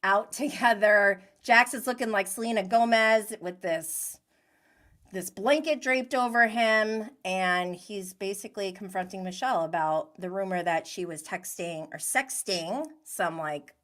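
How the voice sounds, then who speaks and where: A woman's voice: medium pitch, unhurried, a bit bright. A young woman casually recapping a reality show, chatty and giggly, acting out the cast's lines. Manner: chatty, giggly, acts out quotes.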